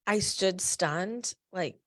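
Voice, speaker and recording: A woman's voice: lowish voice, drawn-out words. A middle-aged woman from New Jersey, a patient advocate and founder, tells a personal story in a candid, emphatic way with blunt asides.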